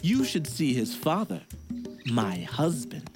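A calm, knowing mother from a folk tale, as a male storyteller puts her on, who speaks gently but warns of her husband's strength. Her lines come slow and low. Faint music plays behind. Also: full character voice.

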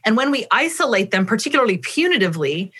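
A woman's voice: on the high side, big pitch swings, quick pace, pushed and bright, husky. A middle-aged woman answering interview questions about parenting, explaining at length and acting out her talks with her children. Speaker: parenting expert guest.

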